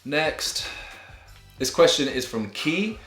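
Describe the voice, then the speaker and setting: Slow but very animated, this young English YouTuber has a slightly high, somewhat bright voice. He responds to viewers' questions in his advice vlog with an earnest, encouraging tone and friendly slang. There's a music bed and noticeable room echo.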